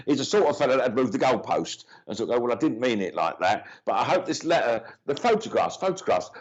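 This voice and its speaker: A man talks through a mediumship reading in a chatty, cheeky, blokey way, full of restarts and asides. His pitch swings freely up and down. The audio is dull and lo-fi.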